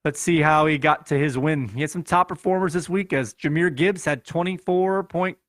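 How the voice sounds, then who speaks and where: Man, chicago accent, fantasy football recap, higher voice, dry close sound. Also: moderate pace, a bit bright, no echo. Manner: playful, reads scores in a running recap. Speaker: podcast host.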